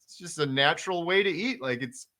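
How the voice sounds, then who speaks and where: A man's voice: on the high side, a little fast, bright, forceful tone. A man hosting a casual interview, talking with enthusiastic emphasis, piling up repeated words and fillers. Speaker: podcast host.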